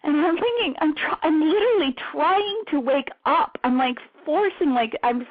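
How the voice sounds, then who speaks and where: A woman guest on a radio interview, talking in an animated way with laughter breaking into her sentences. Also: high-pitched, normal speed. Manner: animated, laughs mid-sentence, trails off in restarts. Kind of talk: casual radio interview chat. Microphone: phone. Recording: tinny phone line.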